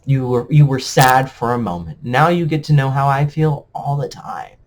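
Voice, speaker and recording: A man's voice: mid-range voice, expressive, normal speed. A man ranting bitterly and sarcastically to camera in a vlog. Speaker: vlogger. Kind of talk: emotional rant to camera.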